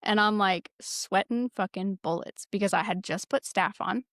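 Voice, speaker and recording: A woman podcast host telling a casual story with lots of swearing, lively and laughing as she goes. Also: mid-range voice, moderate pace, no room sound, clean studio sound. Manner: profane, lively, laughs while telling stories. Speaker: former military security forces sergeant.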